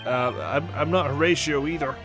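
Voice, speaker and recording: A man's voice: on the high side, moderate pace, lightly acted. A man voicing a polite young male law student who speaks formally. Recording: game music behind voice.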